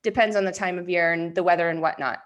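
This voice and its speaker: A woman's voice: lowish voice, fairly even intonation, fast talker. A woman from New Hampshire co-hosting a moms' group update, chatting casually and telling stories animatedly with lots of "like". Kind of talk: casual chat.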